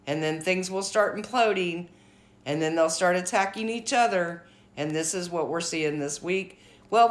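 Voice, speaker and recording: A woman hosting her own commentary vlog, giving blunt, outspoken opinions in a casual talking style. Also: on the low side. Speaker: commentary channel host.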